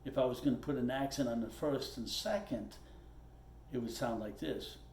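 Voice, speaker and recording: A male drum instructor speaks at normal speed in a mid-range voice while seated at his kit. The lesson is plainspoken and patient, with repeated points and frequent "okay" check-ins as he explains step by step, and the recording has a roomy echo and faint noise.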